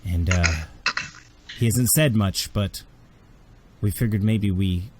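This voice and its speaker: A man's voice: deep voice, slow, very noisy. A man voicing a nervous male imperial officer giving a hesitant report in a tabletop game. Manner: hesitant, with fillers.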